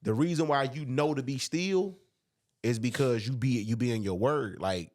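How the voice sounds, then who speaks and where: A man's voice: medium pitch, sing-song, a little slow, dry recording, studio quality. A man co-hosting a faith podcast, reading scripture aloud and breaking it down in casual, slangy talk. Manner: preachy, reads scripture aloud, drawls with slang. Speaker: podcast co-host.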